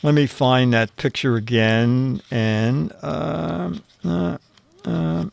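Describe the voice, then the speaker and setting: A man's voice: mid-range voice, drawn-out words, vocal fry. A man hosting a casual streamed show, reading viewer answers aloud, fumbling through his papers and chuckling at the jokes. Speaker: show host.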